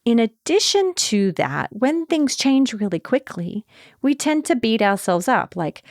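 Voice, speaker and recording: Animated woman podcast host, dry sound. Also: a little slow, no echo. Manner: animated storytelling, acting out quotes with sharp pitch jumps. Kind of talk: casual solo podcast talk.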